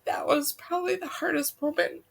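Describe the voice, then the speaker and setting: A woman guest on a podcast, earnestly recounting a personal story and quoting the people in it, her voice dropping soft at the hard parts. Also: sits high, steady tone, moderate pace, gravelly. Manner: earnest, relives events by quoting dialogue; emotional, voice drops soft at hard moments. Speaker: guest, co-author.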